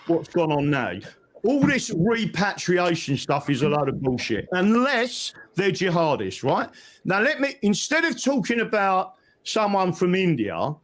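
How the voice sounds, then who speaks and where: In a heated debate during a live online talk, a high-pitched male guest lectures forcefully, tagging his points with "right?"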